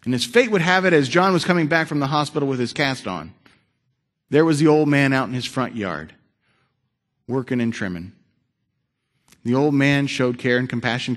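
Man preaching with dramatic storytelling. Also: medium pitch. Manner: dramatic, varied delivery, swinging loud and hushed. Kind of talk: sermon storytelling.

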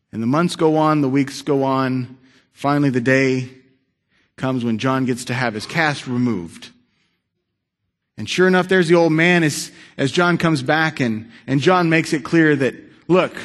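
A man preaching a sermon, telling a story with dramatic shifts between loud and hushed delivery. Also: medium pitch.

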